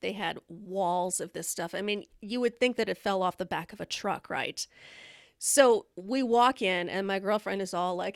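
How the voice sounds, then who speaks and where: A woman hosting a live stream, chatting casually and telling candid stories. Her voice has a gravelly, fry-laden texture at a middling pitch. She is blunt and laughs often, and the sound is dry and close. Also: normal speed, no room sound. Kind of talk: casual storytelling chat.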